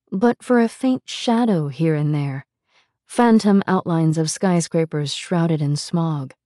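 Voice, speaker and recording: A woman narrating a memoir audiobook in a measured, vivid storytelling manner. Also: on the low side, warm tone, no echo, studio quality.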